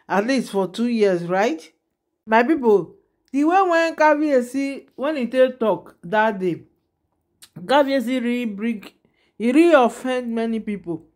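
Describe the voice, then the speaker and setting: A woman's voice: on the high side, lively intonation, unhurried, a little mellow. Chatty Nigerian Pidgin woman gossiping. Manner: chatty, addresses viewers directly with repeated asides. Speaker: gossip vlogger. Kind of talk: casual gossip commentary.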